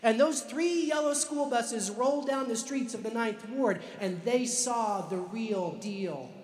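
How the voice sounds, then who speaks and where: A man telling a story to a live audience, slowing down for emphasis like a dramatic storyteller. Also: very high-pitched. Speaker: author and speaker. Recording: echoey hall with long reverb.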